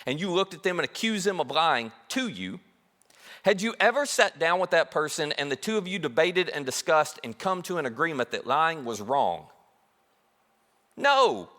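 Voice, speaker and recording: Animated man preaching in a reverberant hall. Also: a little high. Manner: conversational preaching, animated with quoted asides. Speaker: pastor. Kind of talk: sermon. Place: church auditorium.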